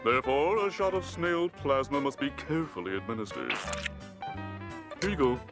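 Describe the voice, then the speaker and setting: A man's voice: mid-range voice, moderate pace, close to an everyday voice. A man voicing a self-assured cartoon fish doctor. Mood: confident. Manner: calm, matter-of-fact, sure of himself. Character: confident adult male fish doctor. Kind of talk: cartoon voice acting. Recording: cartoon clip with music behind.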